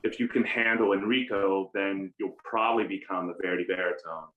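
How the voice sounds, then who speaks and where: A middle-aged American man, an opera baritone, telling animated stories with self-deprecating humor in a conversational interview. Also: brisk, narrow, tinny audio. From United States. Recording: roomy room echo.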